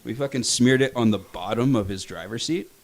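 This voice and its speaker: A man's voice: medium pitch, fairly quick, creaky. A man on a podcast telling a crude story in casual chat, swearing often.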